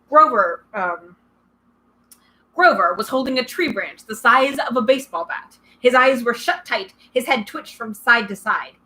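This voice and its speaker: Bright-voiced woman reading a story aloud. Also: mid-range voice, low-quality recording. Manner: expressive, dramatic first-person narration. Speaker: reader.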